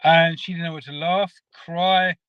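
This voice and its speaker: Guy on a video call, bit high voiced, keeps restarting himself, dull dry sound. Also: steady tone, clear, resonant tone, no echo. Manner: halting, rambling, restarts often. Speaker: guest caller. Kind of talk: casual storytelling chat.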